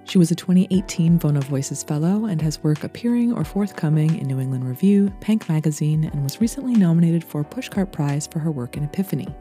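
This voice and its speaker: Fast-reading woman with a dark, mellow voice. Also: sits low, animated, soft background music. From Brooklyn, New York. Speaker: podcast host and writer. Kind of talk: reading a literary short story aloud.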